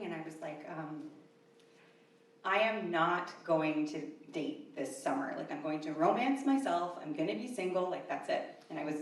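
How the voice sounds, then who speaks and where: A woman in her thirties telling a true story at a live event, chatty and self-deprecating with many fillers. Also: low-pitched. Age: 30s. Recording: echoey room, mic far off, faint ambience.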